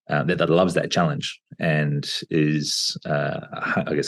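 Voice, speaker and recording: A man in his thirties, a podcast guest talking reflectively over a video call, with plenty of pauses and fillers. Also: rumbling low, creaky. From Australia. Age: 30s. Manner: reflective, hesitant with many fillers. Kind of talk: casual interview talk.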